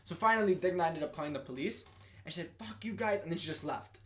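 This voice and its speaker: A young man, a podcast guest, telling stories in a casual and animated way. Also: fairly high pitch, quick pace. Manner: animated, laughing storyteller. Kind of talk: casual storytelling.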